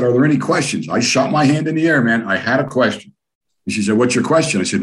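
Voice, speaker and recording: This older US man, a guest in a casual interview built around storytelling, talks fast at medium pitch. His stories run long, ramble, and are animated and profane.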